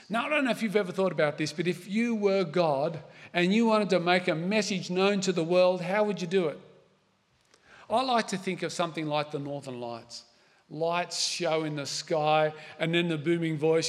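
A middle-aged pastor preaches a conversational sermon in a fairly high voice. He leans on asides and rhetorical questions to his listeners. His voice rings out with a long reverb, as if heard in a large hall. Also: normal speed.

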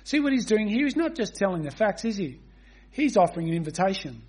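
A man delivers an expository sermon with earnest conviction. His voice sits high and carries a husky edge. He reads scripture at length and keeps turning to the congregation with rhetorical questions. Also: sing-song, fast, a little mellow. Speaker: preacher.

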